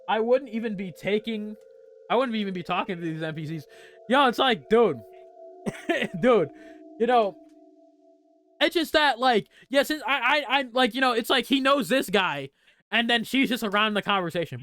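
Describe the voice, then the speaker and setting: A man hosting a gaming channel, reacting to a story game with excitable, profane, slang-heavy rants. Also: high-pitched, no room sound. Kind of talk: casual let's play reaction commentary.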